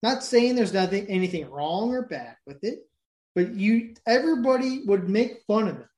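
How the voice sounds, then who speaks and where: A man co-hosting a podcast, talking in a crude, rambling, animated way and telling stories full of swearing. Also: sits high, normal speed. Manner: profane, rambling, animated storytelling. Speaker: podcast co-host. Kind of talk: casual crude chat.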